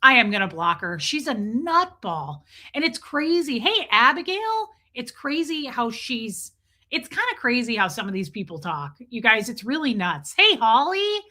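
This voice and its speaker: Casual woman stream host: bright, slightly high voice, loose and profane, greets chat by name. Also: very animated, a little slow. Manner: chatty, swears freely, greets viewers by name.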